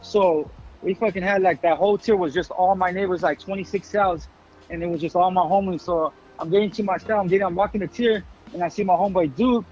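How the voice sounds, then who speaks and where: A man in his forties telling stories fast in a casual interview, heavy on street slang and swearing. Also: sits high, steady tone, darkish tone, lo-fi sound. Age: 40s. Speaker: guest.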